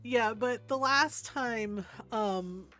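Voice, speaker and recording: An older woman with a fairly high voice chats casually as she streams a game. She tells stories with frequent laughs and keeps asking "right?". Soft music plays faintly behind her. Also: drawn-out words. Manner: chatty storyteller, laughs often, says "right?" a lot. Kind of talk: casual chat while playing a game.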